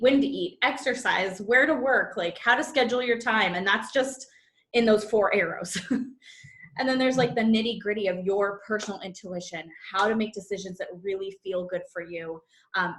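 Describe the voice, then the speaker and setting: Bubbly and chatty, a woman coaching manifestation and human design teaches a live online masterclass through a video call, playing out the things people say to themselves. Her voice sits at a medium pitch with a fairly bright tone and moderate pace, and the sound has a roomy echo.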